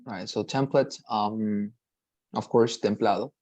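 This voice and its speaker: Guy teaching english online, repeats words slow, dry close sound. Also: fairly low pitch, steady tone, darkish tone, no echo, poor audio. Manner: patient, repetitive, models pronunciations slowly, frequent "right?" checks. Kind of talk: online lesson.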